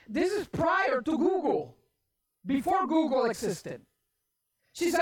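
High-voiced woman preacher telling a story. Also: slow pace, pauses often. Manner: animated, grows loud and emphatic; repeats words and restarts often. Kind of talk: storytelling sermon.

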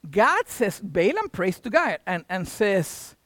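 A man preaching a sermon, retelling a Bible story in a casual, animated way, with sound effects and asides. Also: high voice, takes it slowly, no room sound.

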